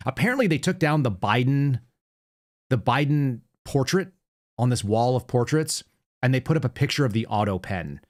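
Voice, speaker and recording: A man in his thirties hosting a political commentary show, sarcastic and animated as he tells stories and reacts to news clips. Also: mid-range voice, normal speed. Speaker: podcast host.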